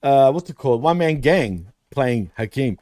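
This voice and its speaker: A man's voice: mid-range voice, lively intonation, moderate pace, darkish tone, dry recording, studio quality. A man co-hosting a casual wrestling recap show, laughing often and swearing, calling his co-host dude and bro.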